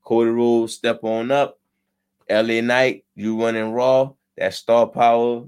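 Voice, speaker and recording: A man's voice: mid-range voice, level tone, slow pace, darkish tone, smooth. A man co-hosting a casual wrestling podcast, talking bluntly with slang and profanity. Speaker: podcast co-host.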